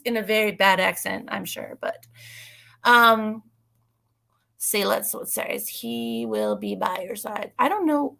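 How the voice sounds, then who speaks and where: Bubbly, bright-voiced woman chatting on a live stream. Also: mid-range voice, unhurried, creaky. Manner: bubbly, chatty, laughs often. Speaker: co-host of live psychic reading stream. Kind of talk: casual live-stream chat.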